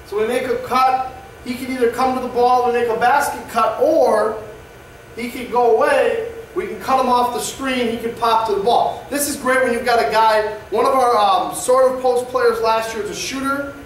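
This male basketball coach has a very high voice and walks through offensive plays in an instructional presentation, frequently checking in with "all right?". The mic sounds distant and echoey, with slight background noise.

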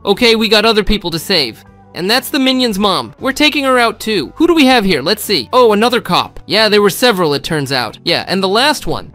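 A man giving excitable gameplay commentary, often shouting exclamations to his viewers. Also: high-pitched. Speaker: gameplay video host.

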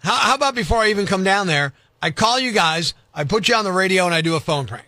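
A man's voice: high voice, lively intonation, fast talker, sharp tone, no echo. A male radio host making a prank call, arguing in a pushy, overprotective way. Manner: playing a pushy overprotective dad on the phone.

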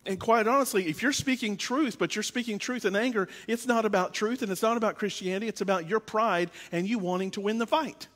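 A man's voice: high-pitched, brisk, few pauses, fairly bright tone, in a large hall. A man preaching a conversational sermon as pastor, repeating phrases for emphasis.

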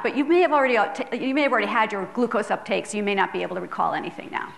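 A woman's voice: mid-range voice, very fast, gravelly. A middle-aged woman, a public health professor, giving an earnest, conversational lecture in a filmed hall, checking in with the audience as she goes. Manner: earnest, conversational, with tag questions. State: tearful at times.

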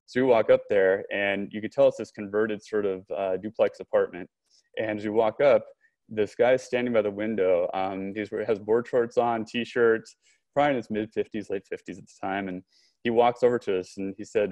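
Brief: low male voice, animated storyteller, dry close-miked studio sound. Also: a little fast, no echo. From Southern California. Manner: animated storyteller, frequent restarts and quoted dialogue. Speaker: podcast guest, company co-founder. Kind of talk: storytelling in a conversational interview.

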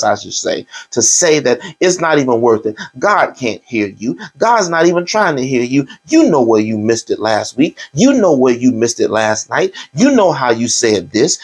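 A man's voice: medium pitch, husky. A male pastor preaching a sermon, fervent, with repeated cries and prayerful appeals. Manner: fervent, repetitive crying out in prayer.

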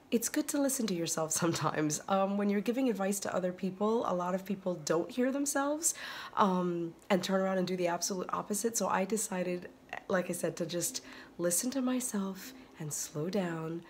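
A woman vlogging casually to her phone by a bright window at home, chatting and gushing over yarn with breathy exclamations. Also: medium pitch, expressive, moderate pace, slight background noise. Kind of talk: casual chat to camera. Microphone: phone camera.

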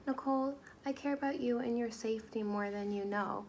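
A young woman narrating and playing a caring group home worker, calm and patient, in a student role-play scene. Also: a little high, fairly quick, a little hiss or hum. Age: young adult. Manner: calm, gentle, patient questioning.

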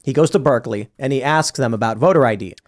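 A man's voice: mid-range voice, quick pace. A man co-hosting a political talk show who tells stories animatedly and acts out quoted exchanges. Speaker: co-host.

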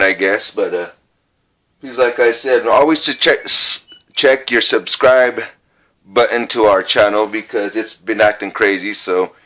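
A middle-aged man exploring an old abandoned trailer on a casual ghost-hunting vlog, talking in a halting, folksy way and repeating his words. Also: fairly low pitch, pushed and bright. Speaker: paranormal vlogger.

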